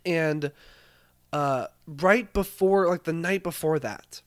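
A young man co-hosting a podcast, chatting casually in an animated, joking way and swearing freely. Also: a little high, slow pace. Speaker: podcast co-host. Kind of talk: casual chat.

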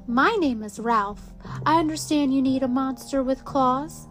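High silky voice, prim courteous male monster, storybook, a woman doing him, slow and careful. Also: faint music behind. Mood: polite. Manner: courteous, formal. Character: prim, polite male monster, well groomed.

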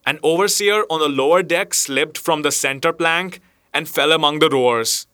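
A man reading a story aloud as narrator, in a measured storytelling manner. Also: a little high, bright, forceful tone, dry recording, studio quality. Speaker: audiobook narrator. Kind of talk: scripted narration.

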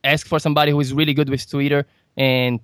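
A man's voice: a little high, flat delivery, quick pace, a bit bright, smooth, no echo, clean studio sound. Casual male podcast host. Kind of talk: podcast interview.

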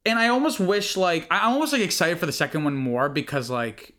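Podcast host rambling thru a movie recap, bright forceful voice, tons of ums and likes. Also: medium pitch, brisk. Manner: rambling, filler-heavy, many ums and likes; dry, bored asides. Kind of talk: casual chat recapping a film plot.

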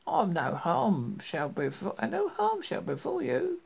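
A man voicing a wicked old witch who eats children, in a high, drawn-out, crooning voice, on a dull lo-fi recording. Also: wildly swooping pitch, creaky, a little mellow, breathy edge, exaggerated voice. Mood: coaxing.

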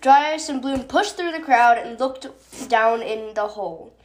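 A woman's voice: a little high, measured pace. A woman hosting a podcast, chatting casually and reading her own story aloud with fillers and self-corrections.

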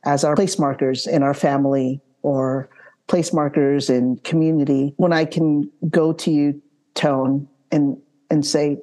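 Woman, podcast host, low voice, heartfelt, repeats words, laughs. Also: fairly even intonation, a little slow. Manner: stammering restarts, warm questioning, laughs. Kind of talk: heartfelt conversational interview.

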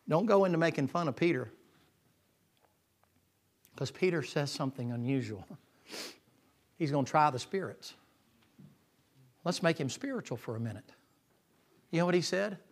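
A man preaching a sermon in a folksy way, swinging from loud passages to hushed whispers. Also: a little high, expressive, measured pace, long pauses. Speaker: pastor.

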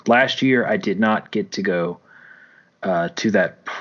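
A man's voice: on the low side, unhurried, fairly bright tone. A man co-hosting a casual podcast, telling long rambling stories and correcting himself as he goes. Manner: rambling, self-correcting storyteller. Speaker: podcast co-host. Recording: dull lo-fi sound.

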